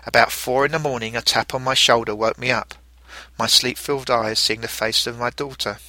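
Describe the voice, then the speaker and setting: A middle-aged man narrating a first-person story in a reflective, gentle way. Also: mid-range voice, fairly even intonation, fairly quick, dry recording.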